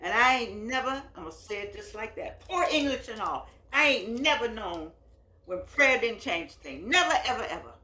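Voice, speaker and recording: A woman's voice: a little high, big pitch swings, fairly quick, few pauses, bright, forceful tone. Brief: woman in her eighties, preacherly and repetitive, phone recording with room echo. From United States. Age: 80s. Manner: emphatic, repeats phrases, folksy and preacherly. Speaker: host. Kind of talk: impassioned address to camera.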